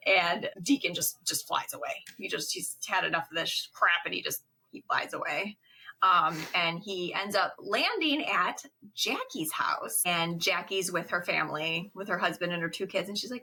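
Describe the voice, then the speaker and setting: Podcast cohost lady, bright clear voice, acts out quotes all animated. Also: lowish voice, normal speed. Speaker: podcast co-host. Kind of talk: casual rewatch chat.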